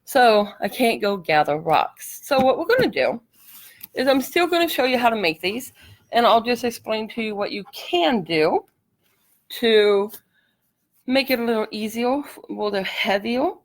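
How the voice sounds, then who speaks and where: A woman's voice: a little high, animated, measured pace. A middle-aged woman chats her way through a casual craft tutorial livestream. She is a little out of breath from allergies and keeps apologizing for it. Her talk is loose and friendly, with easy laughs between steps. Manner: chatty, apologetic, laughs easily.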